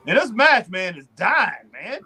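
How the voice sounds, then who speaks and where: A middle-aged man with a high voice chats casually about wrestling as a co-host. He talks in an animated, drawling way and keeps acting out wrestlers in asides. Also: a little slow, slightly rough, faint music behind. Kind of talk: casual chat.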